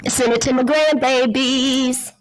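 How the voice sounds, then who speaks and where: Middle-aged woman co-host, a touch higher pitched, acts out quotes with lively energy. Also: slow, rough recording. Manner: animated, acts out quotes with big pitch jumps. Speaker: podcast co-host. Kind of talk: casual chat.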